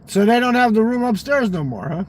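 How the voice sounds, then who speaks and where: A man's voice: sits high, expressive, fairly quick, a little hiss or hum. A man in casual chat, animatedly telling profane stories and acting out the dialogue. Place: fast-food restaurant.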